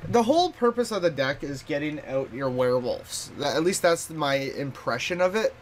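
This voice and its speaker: A man's voice: fairly high pitch, lively intonation, moderate pace. A man casually commenting on his own card game play in a bedroom, thinking aloud, laughing often, his voice and accent shifting. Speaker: streamer. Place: hot bedroom.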